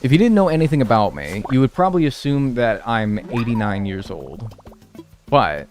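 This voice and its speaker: A young man chats loosely while streaming a game, drifting between topics and answering his chat with dry, self-mocking humor. His pitch swings freely and sounds lively, and faint music plays behind him. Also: moderate pace. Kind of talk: casual live-stream chat.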